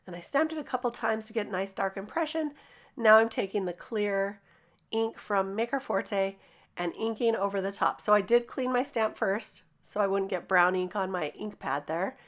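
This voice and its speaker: Raspy-voiced woman narrating a craft tutorial. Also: medium pitch. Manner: upbeat, chatty step-by-step explaining. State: losing her voice. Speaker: craft video host. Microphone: voice-over mic.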